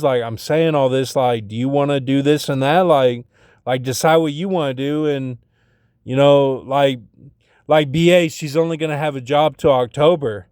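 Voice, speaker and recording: A man's voice: mid-range voice, a little mellow, clear, resonant tone, no echo, studio quality. A man talking in a rambling personal monologue, packed with fillers and restarts, getting agitated when he retells arguments.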